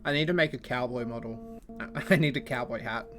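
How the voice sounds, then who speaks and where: A man's voice: medium pitch, fairly quick, a bit bright. A man streaming a visual novel in casual chat, reading its lines aloud and giggling, often tripping over restarts. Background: lo-fi background music.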